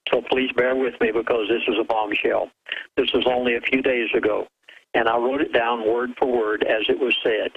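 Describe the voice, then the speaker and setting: A man speaking as a guest on a radio show, slow and deliberate, stressing each quoted word. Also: mid-range voice, steady tone, breathy edge, phone-quality sound. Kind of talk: phoned-in guest talk.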